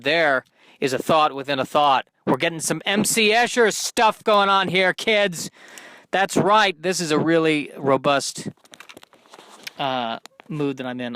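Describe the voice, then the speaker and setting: Man, solo podcast host, rambling monologue, self-deprecating, fairly high voice, dry close sound. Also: fairly bright tone, clear, resonant tone, no echo. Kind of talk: stream-of-consciousness solo monologue.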